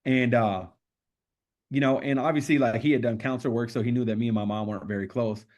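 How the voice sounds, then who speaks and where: A man's voice: mid-range voice, steady tone, quick pace, a little mellow, muffled recording. A man, a podcast guest, telling his own story in a casual, candid and profane way, with streetwise slang.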